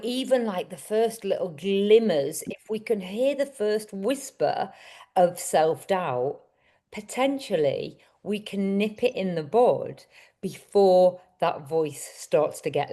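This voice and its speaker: A woman's voice: fairly low pitch, a little mellow. A woman coach giving a motivational summit talk. She speaks earnestly and keeps turning to the audience with questions.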